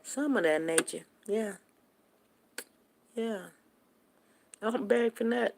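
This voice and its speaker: A woman's voice: on the high side, takes it slowly, gravelly, background noise. A woman hosting a casual livestream, talking straight to her viewers in an emphatic, preachy way. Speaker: livestream host.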